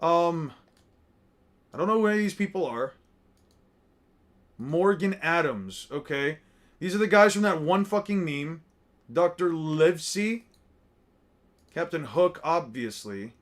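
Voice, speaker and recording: A man with a slightly high voice talks loosely and profanely. He rambles and mutters names to himself as he reacts, in an offhand, unscripted way. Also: expressive, unhurried, pauses often. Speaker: streamer reacting to artwork. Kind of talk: casual commentary.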